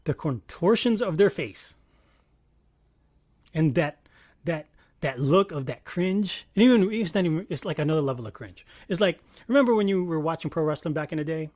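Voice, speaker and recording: Animated man, swearing, dry close sound. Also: on the high side, moderate pace, no echo. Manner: animated, swings loud and soft, swears freely. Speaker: commentary vlogger. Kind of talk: casual commentary monologue.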